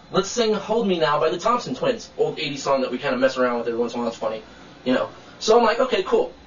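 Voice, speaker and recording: Indignant man with a high voice venting to camera, swearing, in a roomy room with the mic set away. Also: a bit bright, recorded from a distance, highs cut off. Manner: indignant, blunt, swears freely. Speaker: vlogger telling a personal complaint. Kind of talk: casual video rant to camera.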